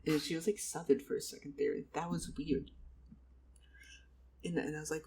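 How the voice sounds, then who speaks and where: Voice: mid-range voice, normal speed, gravelly, pauses often, mellow, breathy edge. Giggly rambling vlogger. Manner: rambling, giggly, swearing, restarts. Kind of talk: rambling improvised storytelling.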